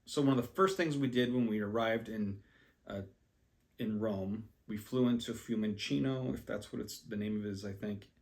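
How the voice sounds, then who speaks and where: Speaking at a moderate pace in a lowish, slightly mellow voice, the man recounts his travels casually. Full of ums and restarts, his story wanders, and he pokes fun at his own language skills.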